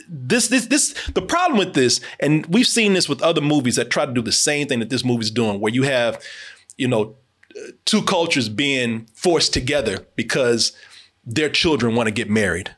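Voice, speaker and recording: A young man hosting a casual movie review chat, emphatic and animated, swearing and laughing often. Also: fairly high pitch. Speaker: podcast host.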